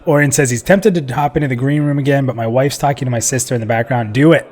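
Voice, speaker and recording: A man at a mid-range pitch hosts a live stream in relaxed, casual chat. He jokes with his guests and laughs easily, talking into a desk microphone. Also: fast. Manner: joking and chatty, laughs often. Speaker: live stream show host.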